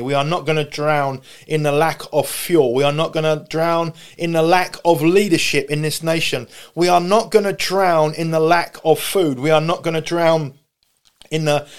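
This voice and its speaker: A man preaching a sermon, impassioned, with rising shouted pleas as he retells the story. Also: on the high side, smooth. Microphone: camera broadcast.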